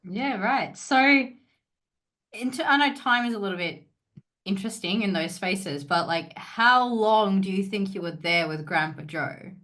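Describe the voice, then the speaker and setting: A woman's voice: medium pitch, lively intonation, measured pace, sharp tone. A woman hosting a podcast, asking curious follow-up questions in a friendly manner with brief affirmations. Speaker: podcast host. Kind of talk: interview conversation.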